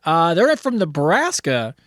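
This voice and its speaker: A man's voice: on the high side, huge pitch swings, measured pace, fairly bright tone, no room sound, studio quality. A man co-hosting a casual advice chat show, playful and rambling, reading listener letters aloud. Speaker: podcast co-host.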